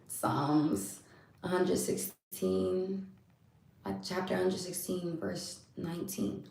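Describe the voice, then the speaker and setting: A woman with a lowish voice reads scripture aloud and gives heartfelt spiritual talk on a live stream. She speaks slowly and often repeats a phrase as she builds on it. The sound is roomy and echoey, and she sits some distance from the mic. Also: gravelly, dark tone.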